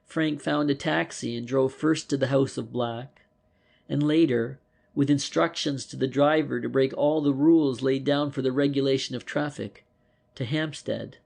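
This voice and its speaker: Gravelly male audiobook narrator. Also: medium pitch, fairly even intonation, darkish tone. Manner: measured storytelling. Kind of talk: scripted narration.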